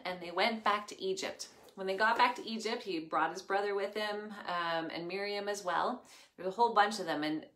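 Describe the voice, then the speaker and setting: A woman, telling a Bible story to children in an expressive, chatty way. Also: lowish voice, reverberant. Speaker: children's church leader.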